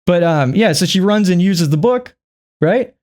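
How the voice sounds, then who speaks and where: A man's voice: high voice, animated, unhurried, a little mellow. A man vlogging a rambling movie recap, profane and chuckling often.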